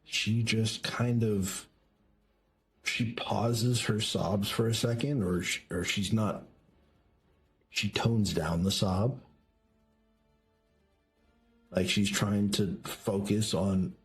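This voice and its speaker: A deep-voiced man narrating as game master, unhurried and vivid in his scene-setting. He often pauses and rephrases mid-sentence, with quiet music playing underneath. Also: husky. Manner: slow, descriptive, hesitant restarts.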